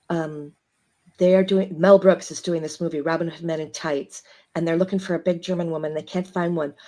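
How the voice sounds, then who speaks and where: A woman from Chicago, a guest actress telling stories in casual chat, animated and laughing as she acts out the people she quotes. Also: lowish voice. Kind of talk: casual storytelling.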